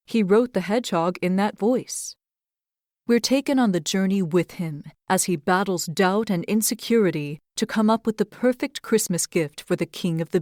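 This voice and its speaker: A young adult woman hosting a podcast, reading fairy tales aloud and reflecting on faith in an earnest, expressive way. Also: mid-range voice, no echo, clean studio sound. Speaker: podcast host and storyteller. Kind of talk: storybook narration and devotional reflection.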